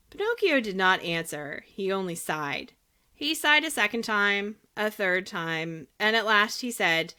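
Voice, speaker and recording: A woman's voice: mid-range voice, expressive, measured pace, bright, forceful tone, smooth. A woman narrating a classic children's story as an audiobook, reading expressively.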